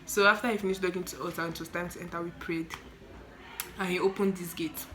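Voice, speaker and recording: A nineteen-year-old woman with a Nigerian accent, telling a story in an animated, exclaiming vlog style. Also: on the low side, fast talker, background noise. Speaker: student nurse vlogger.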